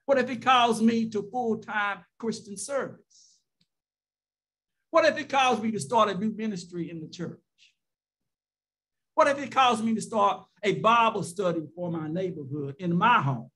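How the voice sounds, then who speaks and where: A man's voice: sits high, unhurried, fairly bright tone, breathy edge. A man preaching a sermon as pastor, building his points with rhetorical questions and repeated phrases, sometimes stretching words out for emphasis.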